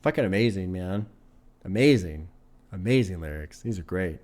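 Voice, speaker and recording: A man hosting a music reaction video, talking casually and excitedly, swearing often and breaking into laughs. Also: deep voice, normal speed.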